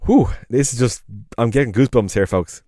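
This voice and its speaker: A man's voice: medium pitch, fairly quick, warm tone, dry recording, clean studio sound. An Irish man co-hosting a podcast, chatting casually and enthusiastically, with lots of fillers and rambling asides. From Ireland. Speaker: podcast co-host.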